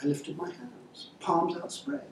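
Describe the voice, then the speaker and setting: A man reading his novel aloud in a measured, wry way, then answering interview questions. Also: sits high, big pitch swings, slight background noise. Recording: echoey room, far-off mic, faint ambience.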